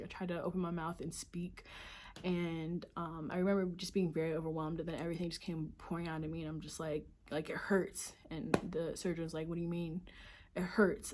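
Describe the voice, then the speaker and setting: A woman's voice: lowish voice, darkish tone, slight background noise. A young woman telling a storytime vlog about a painful experience, emotional and full of filler words and swearing. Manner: emotional, heavy use of filler "like", profane. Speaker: vlogger.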